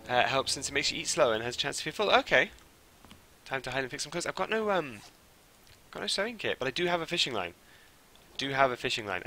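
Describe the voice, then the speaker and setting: A young man streaming a game live, who swings from mumbled asides to loud, panicky shouts. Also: mid-range voice, a little hiss or hum. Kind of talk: live gameplay commentary.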